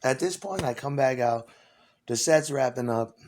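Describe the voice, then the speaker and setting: A man who sings on tour, hoarse from weeks of screaming, telling rambling, profane stories and acting out both sides of conversations. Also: mid-range voice, normal speed, slight background noise. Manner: animated, swears constantly, acts out exchanges. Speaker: touring singer.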